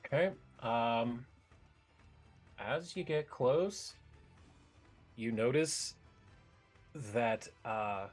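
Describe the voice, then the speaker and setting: A man's voice: mid-range voice, lively intonation, very slow, long pauses, faint music behind. A man running a tabletop game online as game master, talking casually and correcting himself as he goes. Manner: casual, self-correcting, swears when flustered.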